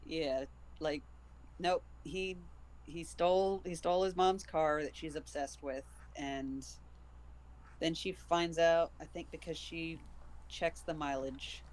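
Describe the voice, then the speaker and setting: A man's voice: on the high side, fairly even intonation, takes it slowly, poor audio. A man streaming live, chattily retelling a book's plot in a loose, amused way. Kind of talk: casual chat recapping a book.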